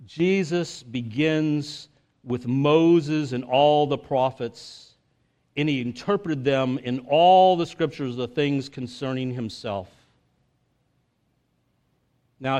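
A man's voice: on the high side, animated, slow. A male preacher giving a sermon in a casual, conversational way, with jokes and filler words.

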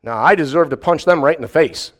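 A man preaching a sermon in an animated way, acting out mock voices and firing rhetorical questions. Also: on the high side, a little fast.

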